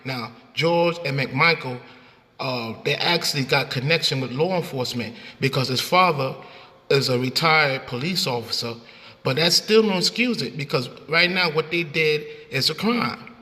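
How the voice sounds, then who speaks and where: A man hosting a heated talk debate, his voice bright and on the high side. He is insistent, leaning on "bro" and "you see" to hold the floor. There is a long reverb trailing behind his words. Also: moderate pace. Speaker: host.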